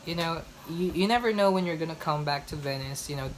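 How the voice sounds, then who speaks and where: A woman's voice: deep voice, a little fast, slight background noise, low-quality recording. A young woman from the Philippines, vlogging in a chatty, emphatic way and often repeating herself for effect. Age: young adult. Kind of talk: casual chat.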